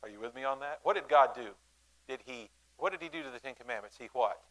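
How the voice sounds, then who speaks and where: A male pastor, speaking to his congregation in a folksy, halting way, with many fillers and restarts and calls for the room to answer back. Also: mid-range voice, animated, a bit bright, poor audio. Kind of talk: church announcements and sermon to a congregation. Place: church sanctuary.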